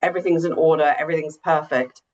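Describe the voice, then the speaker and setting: A woman co-hosting a casual film podcast, opinionated and quick to laugh. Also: low-pitched, fairly even intonation, darkish tone, muffled recording. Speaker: podcast co-host.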